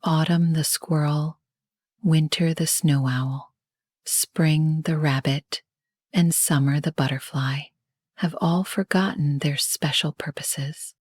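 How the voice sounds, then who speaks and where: A woman's voice: low voice, steady tone, breathy edge, no room sound, exaggerated voice. Woman whispering as an ancient, kind tree spirit. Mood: gentle. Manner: gentle, wise, slow. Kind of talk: whispered role-play.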